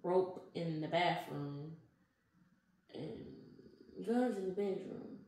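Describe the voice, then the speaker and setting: A woman's voice: fairly low pitch, very slow. A young woman being interviewed, telling her story in casual slang and acting out what people said. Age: young adult. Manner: animated storytelling, slangy, acts out quotes. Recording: echoey, with faint noise.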